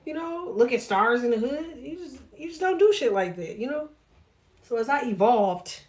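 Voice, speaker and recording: A woman tarot reader on a casual livestream who talks straight to her viewers, swears freely and laughs often as she jokes. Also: on the high side. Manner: profane, blunt and jokey, laughs often; talks to viewers directly, reads chat aloud.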